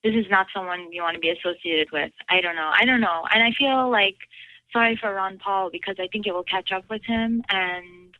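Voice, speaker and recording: A woman's voice: medium pitch, fairly quick, no echo, dull audio. A woman caller chatting casually, rambling and giggling, with lots of fillers. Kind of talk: casual chat.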